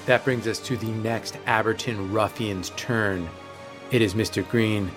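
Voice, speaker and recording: A man running a tabletop game as game master, giving rulings in a relaxed, matter-of-fact way. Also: on the low side, measured pace, music in the background.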